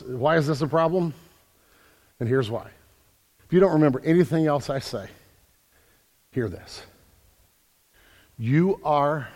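A man preaching a sermon as pastor, building from quiet earnest talk to loud emphatic calls. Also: mid-range voice. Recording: long hall reverb.

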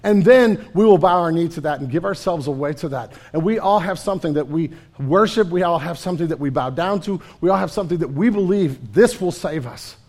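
A man preaching a conversational sermon as a pastor, often dropping to a quiet, low delivery. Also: lively intonation, brisk, few pauses.

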